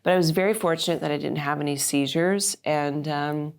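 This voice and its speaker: A woman in her fifties with a low voice tells her story at a live interview. She talks in a lively, animated way, often slipping into the voices of people she quotes, with many fillers and restarts along the way. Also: fairly quick, clear, resonant tone. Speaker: guest. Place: live stage event.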